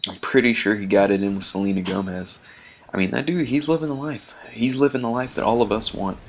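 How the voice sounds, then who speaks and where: Male gameplay commentator, low gravelly voice, loose chatty rambler. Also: a little fast, slight background noise. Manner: rambling and chatty, many ums and restarts, chuckles often.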